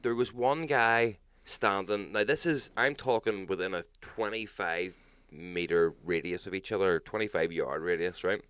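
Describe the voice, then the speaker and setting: A Northern Irish man co-hosting a casual podcast chat, telling animated stories, swearing freely and mimicking people loudly. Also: low voice, measured pace, hardly any pauses, clean tone, no echo. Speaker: podcast co-host.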